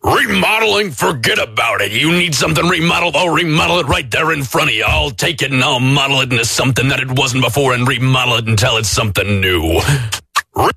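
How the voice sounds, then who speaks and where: A man voicing gruff, boastful male contractor characters in a radio ad. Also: animated, fast, pushed and bright, no echo, faint music behind, exaggerated voice. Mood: brash. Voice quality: gruff, deep. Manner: boastful, rambling sales pitch.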